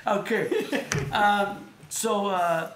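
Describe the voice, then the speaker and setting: A man's voice: high-pitched, expressive, extremely slow, fairly bright tone, a little hiss or hum. A man hosting a casual talk show, rambling and repeating himself as he plugs sponsors. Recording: echoey room.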